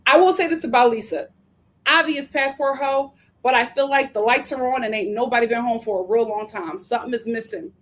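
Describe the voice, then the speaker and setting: Woman host, sassy recap chatter, bit high-pitched, laughs through it. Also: a little fast. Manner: sassy, animated, laughs often. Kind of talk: casual recap chat.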